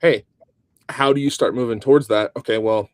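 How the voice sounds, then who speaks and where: A man as a guest in a casual interview, relaxed and thinking aloud with plenty of ums. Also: mid-range voice, a little fast, no room sound, clean studio sound.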